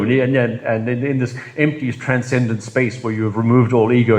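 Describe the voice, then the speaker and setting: A man talking in a reflective group discussion circle, halting and full of restarts, breaking into laughter at himself. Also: mid-range voice, fairly even intonation, darkish tone.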